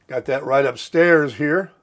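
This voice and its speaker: A man's voice: medium pitch, measured pace, a bit bright, slight background noise. Chatty middle-aged man rambling while cooking. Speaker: vlogger. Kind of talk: casual morning vlog chat. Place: home kitchen, RV.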